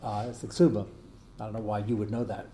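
A man's voice: fairly low pitch, level tone, fast talker, mellow, slight background noise. A man giving a conversational Talmud lesson to a small class, reading the text aloud and explaining it while answering his students' questions. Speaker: Torah class teacher.

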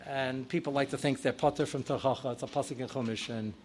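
With a medium-pitched voice and a quick pace, a rabbi teaches Torah, mixing in Hebrew and Yiddish terms and growing loud and animated when performing his examples. A little hiss or hum is audible.

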